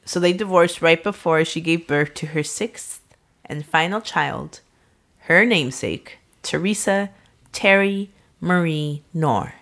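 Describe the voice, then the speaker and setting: A woman's voice: low-pitched, slow, fairly bright tone. A woman hosting a true-crime podcast, telling the case in casual chat, laughing often and swearing freely. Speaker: podcast host, narrator of the case.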